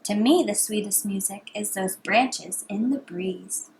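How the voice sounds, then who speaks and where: A woman voicing a kindly, wise little male cricket in a storybook read-aloud, gentle and coaxing. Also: mid-range voice, unhurried, slight background noise, natural voice.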